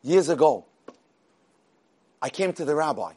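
A man's voice: a little high, measured pace, slightly rough. A man retelling an inspirational story in a conversational way, acting out the characters' lines and often restarting his sentences. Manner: animated, acts out the characters' dialogue; conversational, with frequent restarts and repeated words.

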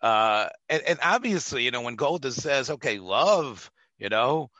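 Bright-voiced chatty male interviewer. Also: medium pitch, unhurried, no echo, highs cut off. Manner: chatty, animated, Yiddish asides, many fillers. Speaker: podcast host, interviewer. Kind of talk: interview conversation.

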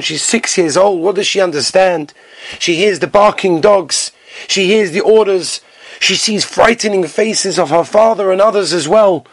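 A man's voice: high-pitched, dry recording. A man giving a rabbi's lecture in an earnest, emphatic storytelling style, sprinkled with Hebrew and Yiddish terms.

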